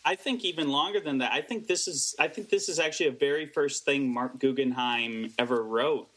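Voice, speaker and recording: A man's voice: mid-range voice, brisk, a bit bright. A man co-hosting a casual chat, with dry, teasing remarks. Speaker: co-host.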